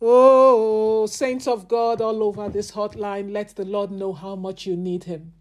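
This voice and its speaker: Fervent woman leading slow prayer. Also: medium pitch, level tone. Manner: fervent, drawn-out chanting and sung refrains. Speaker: prayer leader. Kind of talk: prayer ministry over a hotline.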